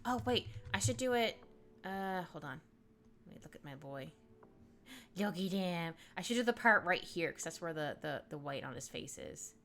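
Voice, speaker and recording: A woman's voice: fairly low pitch, lively intonation, moderate pace, fairly bright tone. A woman chatting casually on a live stream while she draws, reading chat aloud, laughing often and trailing off mid-thought.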